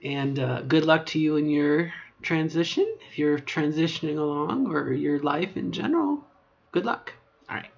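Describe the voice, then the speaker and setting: A middle-aged trans woman talking in a casual video diary, rambling with many fillers and restarts, moving between a lower voice and an upper register. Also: expressive, moderate pace, vocal fry, muffled recording. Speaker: vlogger.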